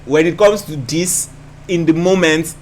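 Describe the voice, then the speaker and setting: A man's voice: fairly high pitch, measured pace. A man hosting a reaction video, breaking down rap lyrics in a thoughtful way and often repeating himself as he thinks aloud.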